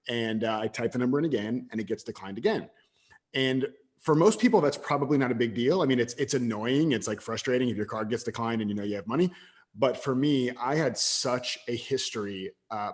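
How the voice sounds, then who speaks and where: A man in his thirties, a podcast guest telling a story from his past in an animated way, with quick bursts of louder talk and stammered restarts. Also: medium pitch. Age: 30s. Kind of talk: casual storytelling interview.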